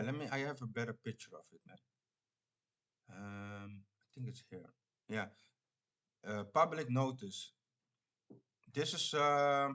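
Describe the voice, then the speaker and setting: Halting preacher man saying "man" a lot. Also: mid-range voice, a bit bright. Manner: says "man" constantly, halting with many restarts and fillers. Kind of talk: informal preaching monologue.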